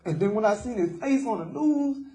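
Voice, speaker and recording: A man's voice: high voice, animated, moderate pace, mellow, echoey room. A young man, speaking remorsefully in a jailhouse interview and often calling the interviewer sir. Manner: remorseful, repeatedly saying sir. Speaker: jailed suspect being interviewed.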